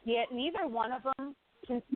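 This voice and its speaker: A woman's voice: high voice, moderate pace, very noisy. A woman co-hosting a boxing show, giving blunt and opinionated fight takes in casual chat. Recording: tinny phone-like sound.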